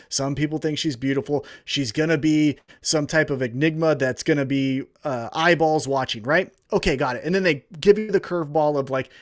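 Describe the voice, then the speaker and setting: A man's voice: a little high, no room sound, clean studio sound. A man co-hosting a podcast, ranting heatedly and profanely about a storyline. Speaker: podcast co-host. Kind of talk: profane wrestling podcast rant.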